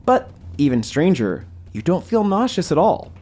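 A man narrating a tabletop game as game master, in a slow, dramatic manner. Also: on the high side, sing-song, darkish tone, breathy edge.

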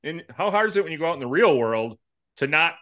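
A male podcast co-host from Wisconsin talks in a bright, tense voice. His pitch swings widely as he jokes and asks curious questions. He swears casually. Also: expressive, quick pace.

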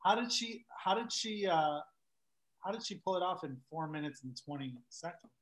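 A man's voice: sits high, lively intonation, normal speed, a bit bright. A man co-hosting a podcast in casual chat, making dry, teasing remarks. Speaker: podcast co-host.

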